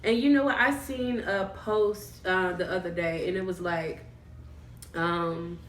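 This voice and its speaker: A woman's voice: lowish voice, steady tone, a little slow. A chatty woman hosts a casual eating video and tells stories between bites. She sits well back from the mic in a room with a lot of echo. A faint hum of ambience runs underneath. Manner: chatty, storytelling, laughs easily. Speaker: mukbang vlogger. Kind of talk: casual chat while eating. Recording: roomy, mic far off.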